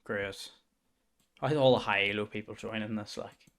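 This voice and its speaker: A man's voice: lowish voice, fairly even intonation, normal speed, a bit bright. A young man streaming, bantering with his chat, swearing and muttering to himself between voice-over lines. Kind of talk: casual stream commentary with voice-over.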